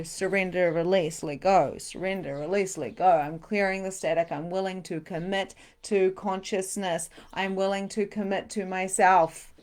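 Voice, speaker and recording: A middle-aged woman, a spiritual coach leading a live guided meditation and chatting with viewers in a soft, soothing way. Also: medium pitch, steady tone, moderate pace, few pauses. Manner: soft, soothing guiding voice with breathy exclamations.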